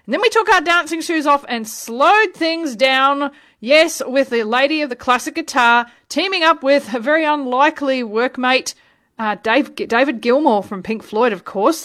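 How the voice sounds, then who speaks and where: A woman's voice: high voice, a bit bright. A woman radio DJ talking between songs, chatty and upbeat, addressing her listeners directly.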